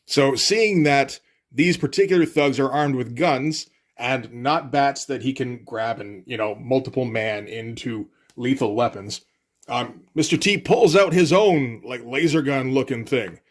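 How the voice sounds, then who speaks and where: A man talks through a comic book page by page in a loose, wry manner. He rambles and fills his pauses with "like" and "uh" without ever sounding rushed. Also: medium pitch. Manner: wry, rambling, frequent fillers. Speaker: comic reviewer. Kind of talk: casual comic commentary.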